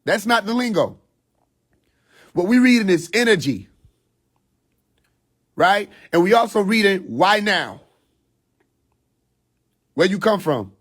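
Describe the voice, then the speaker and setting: A man's voice: high voice, sing-song, slow pace, pauses often, a bit bright. A man hosting a phone livestream, lecturing his viewers in a blunt, profane, swaggering way and laughing often. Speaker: livestream host. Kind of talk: casual livestream monologue.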